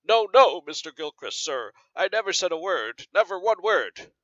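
A man's voice: mid-range voice, fast, pushed and bright, no echo, close to an everyday voice. A man reading aloud as a frightened servant giving short, tense denials. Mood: nervous. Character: frightened male servant denying everything. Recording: slightly dull lo-fi recording.

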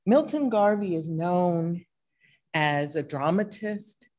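Slow, low-voiced woman giving a talk. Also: animated, darkish tone. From East Texas. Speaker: speaker. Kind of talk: formal presentation talk.

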